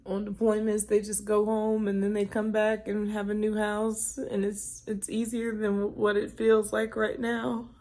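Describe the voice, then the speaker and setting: A woman's voice: medium pitch, monotone, measured pace, few pauses, dark tone. A young woman talking to the camera in a personal vlog, emotional and tearful, rambling as she cries on and off. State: crying. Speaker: vlogger.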